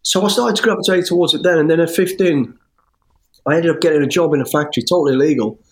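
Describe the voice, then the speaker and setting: A middle-aged man, an interview guest telling his life story in an animated, rambling way with restarts and swearing. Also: fairly high pitch, fast. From English West Midlands. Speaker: interview guest, former soldier. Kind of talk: storytelling in conversation.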